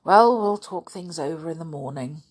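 A woman voicing an absent-minded, clever uncle in a storybook reading, blustering and then comforting, with a husky voice. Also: sits low, lively intonation, normal speed. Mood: grim.

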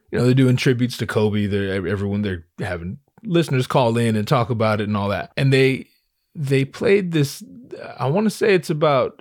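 A man's voice: on the low side, no echo, clean studio sound. A man in his thirties talking in a casual solo monologue, rambling and swearing, with frequent stammered restarts.

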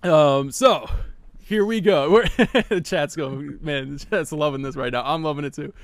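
A man's voice: a little high, unhurried, no echo. A man hosting a live podcast in casual chat, hyped and laughing often, restarting his sentences. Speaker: podcast host.

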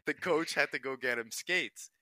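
A man's voice: mid-range voice, moderate pace, bright, forceful tone, no echo. A young man, a pro hockey player and podcast co-host, telling profane, laughing stories in casual chat.

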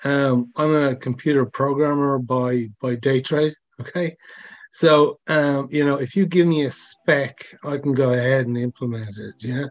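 A man's voice: medium pitch, steady tone, unhurried. A man, a sound designer, talking in a chatty way full of fillers and asides in a podcast interview. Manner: chatty, many fillers, asks for agreement.

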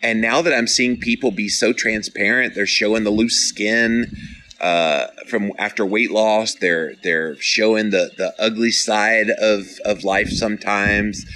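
Bright-toned earnest male podcast host. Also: on the low side, fairly even intonation, unhurried, rough recording. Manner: earnest, encouraging, playfully dramatic. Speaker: podcast host reading live comments. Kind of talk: casual motivational talk.

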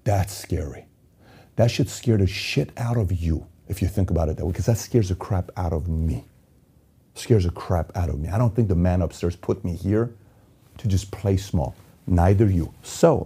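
A man from Iran giving an intense motivational monologue, swinging between loud urgency and quiet emotion. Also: deep voice, expressive, normal speed, slightly rough. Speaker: motivational speaker.

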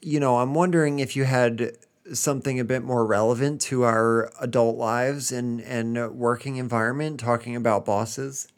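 A man's voice: mid-range voice, fairly even intonation, moderate pace. A man from the United States co-hosting a casual podcast chat, hesitant, with frequent ums and restarts. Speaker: podcast co-host.

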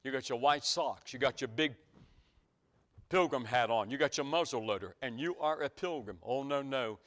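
A man's voice: medium pitch, normal speed, a bit bright. A middle-aged man, preaching a sermon with folksy stories that climb to emphatic peaks.

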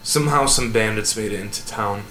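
A man's voice: lowish voice, brisk, bright, forceful tone, slight background noise, low-quality recording. A man voicing a humble middle-aged farmer and father who talks hesitantly and politely. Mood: somber. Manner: hesitant, polite, many ums.

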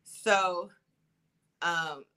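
A woman co-hosting a casual chat podcast, relaxed and talkative with lots of fillers. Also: on the low side, very slow. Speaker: podcast co-host.

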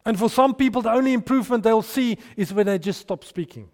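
A man preaching a sermon, animated and storytelling, with restarts and hushed asides. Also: sits high, fast. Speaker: pastor. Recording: long hall reverb.

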